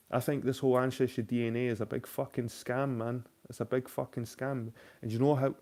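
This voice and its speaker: A man's voice: mid-range voice, dark tone. A man hosting a casual late-night chat, reading viewer questions and ranting with lots of swearing. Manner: reads viewer questions aloud. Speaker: host.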